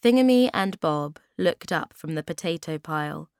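A woman reading a children's storybook aloud in a slow, clear, expressive way. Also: low voice, no echo, clean studio sound.

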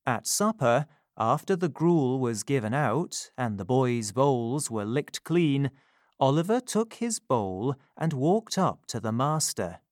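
A man reading a classic story aloud in a calm, measured narration. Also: medium pitch, dry recording, clean studio sound.

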